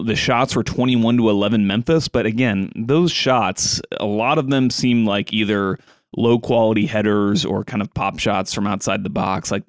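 A lower-voiced man chatting on a solo soccer podcast. He talks loosely, with plenty of "uh"s and restarts. His voice comes through smooth and clear on a close, dry microphone. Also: no room sound. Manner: conversational with frequent fillers and restarts; reads quotes from a sheet in a flat reading tone. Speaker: podcast host.

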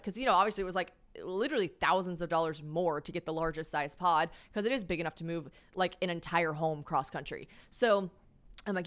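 A woman hosting a podcast from a small apartment, telling a story in a casual, animated way, swearing freely and poking fun at herself. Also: on the low side, fast talker. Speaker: podcast host.

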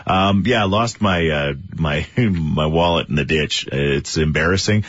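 A man's voice: rumbling low, a little slow, fairly bright tone, dry recording, dull audio. A man hosting a morning radio show, telling rambling, self-deprecating stories in casual banter with his co-hosts. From Canada. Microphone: studio mic.

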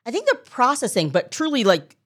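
A woman comedian as a podcast guest, telling a story in a lively way and acting out the people in it. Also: fairly high pitch, a little fast, breathy edge. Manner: animated storytelling, acts out quoted people. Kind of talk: casual podcast conversation.

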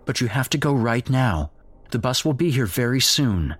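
A man's voice: medium pitch, big pitch swings, normal speed, dry recording, pitched above the performer's own voice. A man voicing a tearful, anxious mother who switches between tender and harsh, in a horror audio story. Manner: soft, pleading, sometimes suddenly harsh.

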